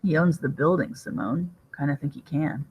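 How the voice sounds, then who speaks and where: A woman voicing a gruff, weary male hero who speaks low and tersely. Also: normal speed, a little mellow, rough recording.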